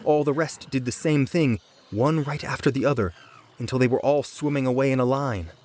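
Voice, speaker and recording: A man reading a children's book aloud in a calm, measured storytelling voice. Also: medium pitch. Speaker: audiobook narrator. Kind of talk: storybook read-aloud narration. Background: soft background music.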